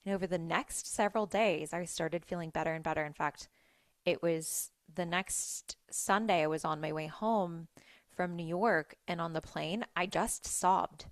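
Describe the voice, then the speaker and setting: A woman hosting a podcast, telling a personal story in a chatty, animated way with lots of "like"s. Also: fairly low pitch, a little slow, dry recording, clean studio sound. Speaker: podcast host. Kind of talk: casual solo storytelling.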